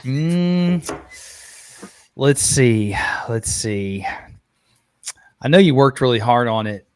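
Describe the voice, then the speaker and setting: A man from Arkansas hosting a live podcast in a relaxed, chatty way, reading out viewer comments. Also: medium pitch, takes it slowly, slight background noise. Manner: relaxed, laid-back, laughs easily and says "man" often. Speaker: podcast host. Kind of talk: casual live-stream chat.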